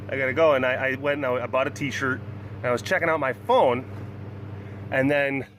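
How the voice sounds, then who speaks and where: A man's voice: medium pitch, a little hiss or hum. A man hosting his own webcast, telling a story in a casual, rambling way, self-deprecating and laughing often. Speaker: webcast host.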